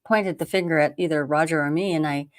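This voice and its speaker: A woman's voice: low-pitched, steady tone, fast, no echo. A woman hosting a casual online talk show, chatting with her guest and putting in many asides and fillers. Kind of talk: casual interview chat.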